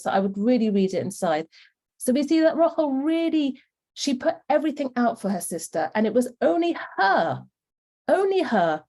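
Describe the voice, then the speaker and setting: A woman's voice: on the high side, mellow. A woman with a British accent giving a Torah class to women, explaining earnestly and asking rhetorical questions. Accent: British English. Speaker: Torah teacher.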